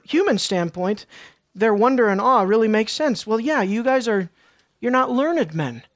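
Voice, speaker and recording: A man preaching a sermon, moving between hushed lines and emphatic questions. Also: high voice, no echo, studio quality. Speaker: pastor.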